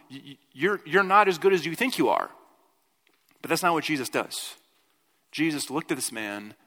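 A man's voice: medium pitch, long reverb tail. A male pastor giving a conversational sermon, often acting out quotes and talking through restarts and fillers. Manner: conversational, animated quoting, frequent "like" and restarts. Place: church.

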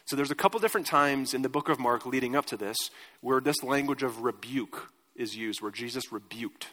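A man's voice: mid-range voice, fairly quick, bright, forceful tone. A man preaching a sermon as pastor in a conversational way, asking his congregation questions. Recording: reverberant church hall.

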